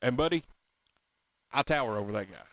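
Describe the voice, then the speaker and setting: A man hosting a casual talk show, telling a story in an animated, excitable, self-mocking way. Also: medium pitch, brisk, dry recording. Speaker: podcast host.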